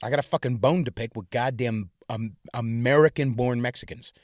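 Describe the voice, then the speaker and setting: A man's voice: mid-range voice, moderate pace, dry recording, clean studio sound. A young adult man hosting a podcast, delivering a crude, profane, heated rant. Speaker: podcast host. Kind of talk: crude solo comedic rant.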